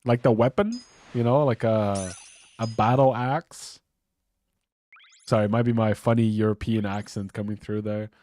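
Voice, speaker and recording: Speaking at a moderate pace in a lowish, darkish voice with fairly even intonation, a young game streamer with a stuffy nose chats casually on his live stream. His talk wanders, is full of swearing, and has many restarted sentences.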